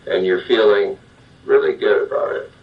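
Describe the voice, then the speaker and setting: An older man, a psychologist, giving a measured self-help talk straight to the listener. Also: fairly low pitch, creaky. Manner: plain, measured, addresses the listener directly. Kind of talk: slow guided self-help monologue. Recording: dull lo-fi sound, distant from the mic.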